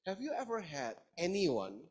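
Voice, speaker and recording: A man's voice: high-pitched, normal speed, rough recording. A man lecturing a class in an interactive style, asking his audience questions. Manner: lively, engaging, asks the audience questions.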